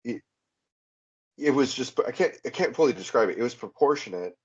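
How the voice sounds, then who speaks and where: A man telling his personal testimony as a podcast guest, in an earnest, halting way full of fillers and restarts. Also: mid-range voice, expressive, husky, highs cut off. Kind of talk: personal testimony, recounting a vivid experience.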